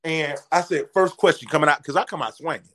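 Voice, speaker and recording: A man's voice: on the high side, fast talker, a little hiss or hum. A man, telling a story in casual chat and acting out the voices in his quotes. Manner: animated, acts out voices in quotes. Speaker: comedian guest telling a story.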